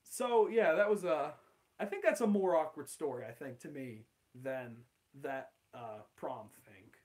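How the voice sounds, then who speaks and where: A young man rambles through an awkward personal story in a casual, unscripted way. His voice sits a little higher than most men's. He swears freely and fills his talk with "like" and "um". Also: measured pace, a little mellow. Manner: rambling, swearing, with laughs and many fillers. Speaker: channel host.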